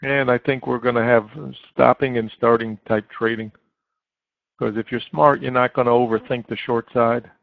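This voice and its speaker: A man's voice: mid-range voice, little pitch movement, moderate pace, vocal fry, no echo. A man giving live market commentary as a trading chat room moderator, coaching steadily with frequent fillers over a dry, phone-like line.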